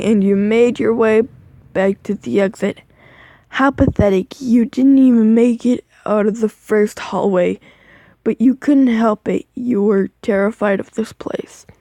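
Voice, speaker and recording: A woman's voice: medium pitch, warm tone. A sleepy, yawning woman reading a second-person fan story aloud into a phone, stumbling over words and stopping to comment on the text. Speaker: reader of fan fiction. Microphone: phone microphone.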